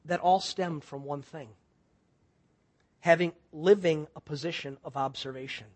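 A middle-aged man, a pastor, delivers a sermon in a slightly high voice at a slightly slow pace. His storytelling moves from loud and excited to hushed and intense.

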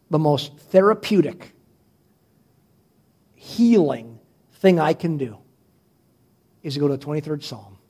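High-voiced impassioned male pastor preaching. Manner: impassioned preaching that drops to soft prayerful reading. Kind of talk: sermon. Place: church sanctuary.

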